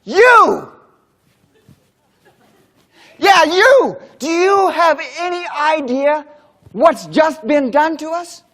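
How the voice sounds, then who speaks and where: A man acting out a furious, indignant rural worker who shouts during a keynote story. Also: extremely high pitch, sing-song, extremely slow, long pauses, pitched above the performer's own voice, exaggerated voice.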